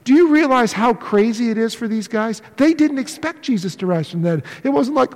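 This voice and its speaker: High-voiced animated preacher in a hall. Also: male voice, fairly quick, few pauses. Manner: animated, acts out voices of disciples. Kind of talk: sermon. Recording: long reverb of a large hall.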